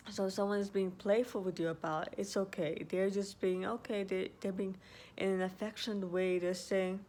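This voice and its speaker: A woman's voice: medium pitch, level tone, moderate pace, mellow. A woman talking casually and earnestly to her viewers, often repeating herself and restarting sentences as she gives advice. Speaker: vlogger. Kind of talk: casual advice talk to camera.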